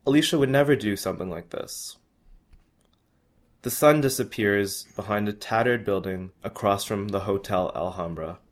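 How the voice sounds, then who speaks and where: Young man, reading a personal travel story, earnest, small restarts, low-ish voice. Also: moderate pace.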